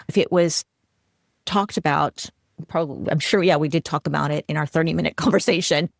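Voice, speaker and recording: A middle-aged woman hosts a solo educational show, talking in a chatty, animated way with easy laughs. Her voice sits low with a gravelly fry, and the sound is dry and close. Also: no room sound. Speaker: podcast host.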